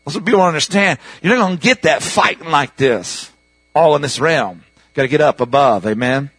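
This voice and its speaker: A man preaching a sermon in a conversational way, often checking in with the congregation and rising higher and louder when he presses a point. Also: expressive, fairly quick, slightly rough, no echo, rough recording. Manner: conversational, repeatedly asking the congregation "Amen?". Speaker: pastor.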